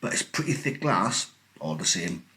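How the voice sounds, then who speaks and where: A man voicing a cheerful, eccentric factory owner who talks in brisk, gleeful exclamations. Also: lowish voice, big pitch swings, pushed and bright, voice pushed down.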